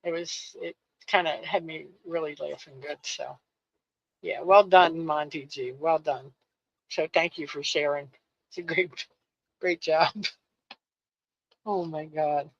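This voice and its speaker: A woman's voice: low-pitched, steady tone, slow pace, long pauses, no room sound, lo-fi sound. A woman co-hosting a poetry show, chatting in a giggly, exclamatory, rambling way. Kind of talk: casual chat.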